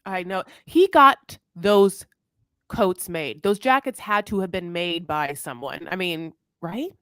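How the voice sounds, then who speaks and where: A woman's voice: on the low side, takes it slowly, sharp tone, clear, resonant tone, no echo, studio quality. A woman co-hosting a TV recap podcast, chatting casually with playful sarcasm and jokey asides. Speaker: podcast co-host.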